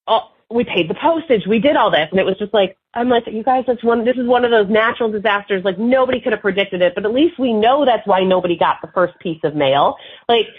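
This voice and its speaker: A woman guest in an interview, telling marketing anecdotes in an animated, casual way and acting out the people in them. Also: medium pitch, husky. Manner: animated anecdotes with lively quoted voices. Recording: tinny phone-like line.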